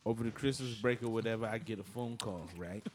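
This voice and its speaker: A man co-hosting a casual podcast chat, telling a story in a slangy, profane, animated way. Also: lowish voice, fast, a little hiss or hum. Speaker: podcast co-host.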